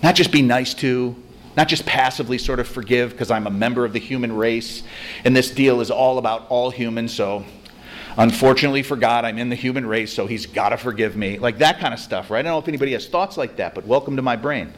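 A man giving a conversational, self-deprecating spiritual talk to a recovery group, telling stories with animated energy. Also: mid-range voice, fast. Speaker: recovery meeting speaker.

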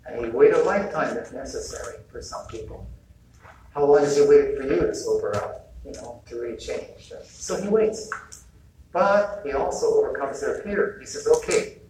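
Captured from a distance on an echoey hall mic with faint ambience and a little hiss or hum, a man speaks at a retreat about healing. His voice is a little high with a darkish tone; he's informal and conversational, chuckles often, and acts out snippets of dialogue.

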